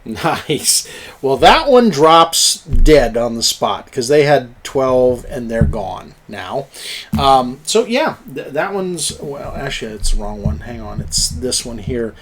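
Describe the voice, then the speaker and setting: A man's voice: mid-range voice, big pitch swings, takes it slowly, a bit bright. A man narrating a tabletop game as game master, chuckling and cheering on the players' rolls. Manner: chuckling, encouraging, plays up dice rolls.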